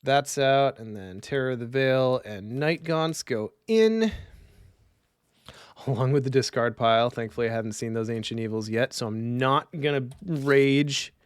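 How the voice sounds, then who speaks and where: A man's voice: mid-range voice, unhurried, smooth, dry recording. Man muttering through a solo card game. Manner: mutters rules half to himself, chats with viewers. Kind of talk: casual live-stream commentary.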